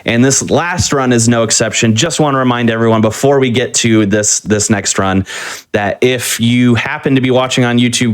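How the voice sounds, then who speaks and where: A man hosting a livestream show, chatting casually and plugging the schedule in an upbeat way. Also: mid-range voice. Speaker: show host.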